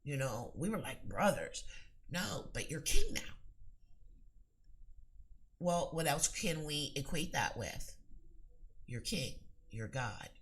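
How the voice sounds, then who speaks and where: A woman's voice: deep voice, sing-song, slow pace, long pauses. Earnest woman giving spiritual advice. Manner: earnest, emphatic, rambling with restarts. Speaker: psychic and spiritual teacher.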